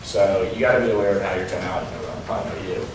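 A man teaching a seminar in a relaxed, casual way, with lots of ums and likes. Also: sits low, very fast, slight background noise. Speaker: dating coach. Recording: roomy echo, mic far off.

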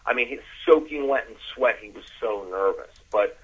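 Man, dating coach, husky voice, dull audio, podcast coaching. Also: normal speed. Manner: coaching, drops into low demonstration voice. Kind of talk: instructional podcast talk.

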